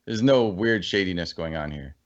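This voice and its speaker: A man in a casual podcast chat, animated and rambling as he thinks aloud. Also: low-pitched, normal speed, dull audio. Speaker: podcast co-host.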